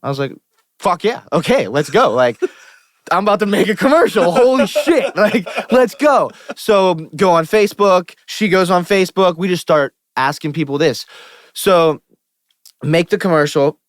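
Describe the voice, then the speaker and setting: A young man with a Pittsburgh accent, a musician guest telling stories on a podcast in an animated, profane way and acting out the people he quotes. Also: high-pitched, normal speed, no echo, studio quality. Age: young adult. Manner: animated, profane, quotes himself and others in lively asides. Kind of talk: casual podcast storytelling. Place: podcast studio.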